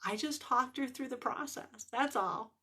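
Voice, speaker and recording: A woman's voice: sits high, a little slow, bright, forceful tone, breathy edge. A woman life coach talking straight to the camera in an earnest, emphatic way, repeating phrases for emphasis. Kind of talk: direct-to-camera vlog talk.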